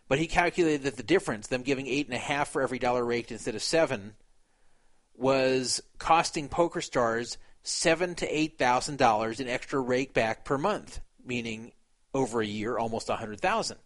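A man's voice: medium pitch, normal speed, fairly bright tone. A man retelling a poker dispute in a casual, opinionated way. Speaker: poker commentator. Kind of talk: casual commentary.

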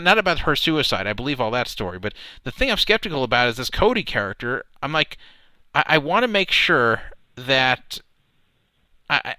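A man's voice: medium pitch, pushed and bright, no room sound. A man hosting a casual talk show, stammering and cautious as he talks things through. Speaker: podcast host.

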